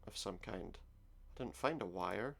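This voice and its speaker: A man's voice: on the low side, lively intonation, unhurried, vocal fry, slight background noise. A man giving casual commentary while playing a game, muttering his thoughts aloud. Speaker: let's play gamer.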